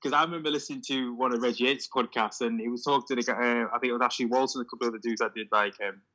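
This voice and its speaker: A man in casual conversation, talking in an animated way with lots of "you know what I mean". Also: mid-range voice, rapid-fire, rough recording. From Hull, England. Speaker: discussion guest. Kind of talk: casual chat.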